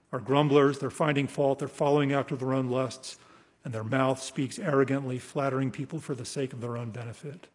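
A male preacher giving an expository sermon, emphatic, slowing down to read scripture and trailing off softly at the ends of phrases. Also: mid-range voice, husky. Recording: long hall reverb.

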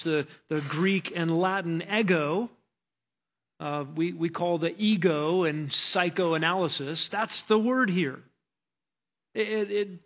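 A man's voice: high-pitched, a bit bright. A man preaching a sermon as pastor, earnest and emphatic, often restarting his words.

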